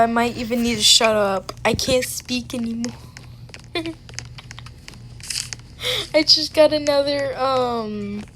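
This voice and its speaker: Against a noisy background, a young woman with a slightly high voice banters over voice chat while gaming with a friend. She's sassy and full of slangy roasting.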